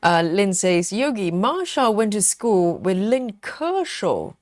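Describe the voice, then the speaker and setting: A woman hosts a live stream in a casual, playful way, reading out viewer comments and teasing them between laughs. Her pitch swings widely and she talks slowly and unhurriedly. The sound is dry and close, with no room around it. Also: big pitch swings, a little mellow, dry recording.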